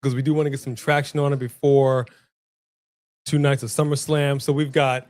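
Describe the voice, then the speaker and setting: A man's voice: medium pitch, normal speed, no echo. Guy cohosting a wrestling livestream, chatty, talks to the chat. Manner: chatty, animated, addresses the chat. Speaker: co-host of a wrestling watch-along. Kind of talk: casual live-stream chat.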